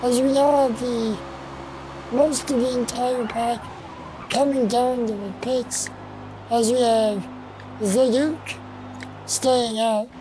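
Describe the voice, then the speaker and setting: A woman commentating an online sim race, slow and halting, with fillers and restarts, and she has the hiccups. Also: on the high side, fairly even intonation, background noise.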